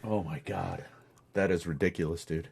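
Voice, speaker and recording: A man's voice: deep voice, steady tone, normal speed, darkish tone. A man co-hosting a podcast, reacting to the story with short, dry remarks. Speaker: podcast co-host. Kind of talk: casual chat.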